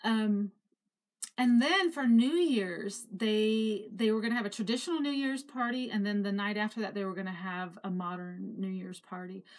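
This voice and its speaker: A middle-aged woman recounting her life story to camera. She speaks in a reflective, emotional way, pausing, sighing and laughing now and then as memories return. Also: medium pitch. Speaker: memoir narrator.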